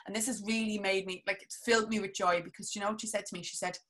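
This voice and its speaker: A chatty woman speaks to her viewers on a live stream as a business coach. She talks in a casual, animated way, rambling, restarting her sentences and laughing often. Her voice sits at an ordinary middle pitch for a woman. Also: very fast.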